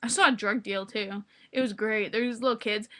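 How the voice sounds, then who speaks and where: A young adult woman vlogger chatting casually, excitable and rambling with lots of "like". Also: mid-range voice, fairly quick. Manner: excitable, rambling, heavy use of "like". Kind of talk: casual vlog chat.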